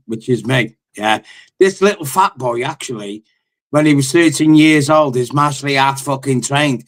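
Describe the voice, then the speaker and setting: A man's voice: medium pitch, normal speed. A man, a football fan on a live call-in panel, talking bluntly, swearing often and telling stories as he rants about his team. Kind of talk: heated fan call-in rant.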